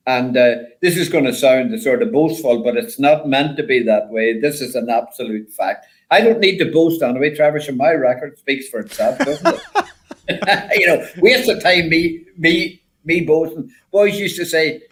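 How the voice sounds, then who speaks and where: A man's voice: fairly high pitch, moderate pace, low-quality recording. Older man telling rally stories. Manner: rambling, repeats words, animated when quoting others. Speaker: guest, former rally driver. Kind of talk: casual storytelling chat.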